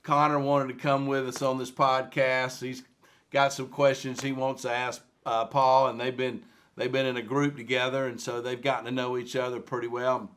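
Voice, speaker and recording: A man's voice: medium pitch, little pitch movement, moderate pace, fairly bright tone. A man hosting a podcast, introducing his guest casually and loosely, with some fillers. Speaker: podcast host.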